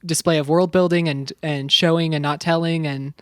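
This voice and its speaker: A man's voice: on the high side, fairly even intonation, normal speed, clean tone, dry recording, clean studio sound. Earnest man co-hosting a podcast. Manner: earnest, enthusiastic, with small stumbles. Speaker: podcast co-host. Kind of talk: casual chat.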